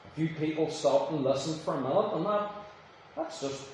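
A man's voice: on the high side, normal speed, a little mellow, a little hiss or hum. A man preaching a sermon in a church, shifting between casual storytelling and emphatic, rising declarations. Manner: conversational storytelling with emphatic rises. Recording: echoey room, voice from a distance.

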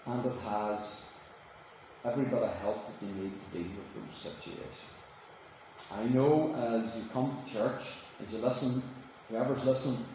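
A man's voice: mid-range voice, warm tone. A preacher delivers a sermon from some way off the mic, his voice ringing around a very reverberant church. He moves from casual storytelling into emphatic, rising declarations, with a faint room hum underneath. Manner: conversational storytelling with emphatic rises. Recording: echoey room, voice from a distance.

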